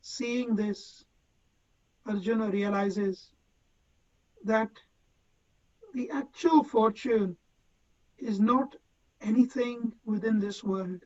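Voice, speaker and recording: A man's voice: high voice, takes it slowly, pauses often, darkish tone, lo-fi sound. A man leading a devotional scripture class, reciting Sanskrit verses and then explaining them word by word.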